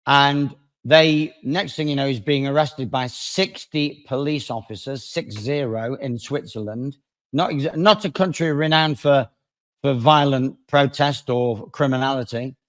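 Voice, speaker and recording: A man, a lawyer appearing as a guest, telling a story in conversation with dramatic swings between loud and quiet. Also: medium pitch, a little slow. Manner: animated, dramatic swings in loudness.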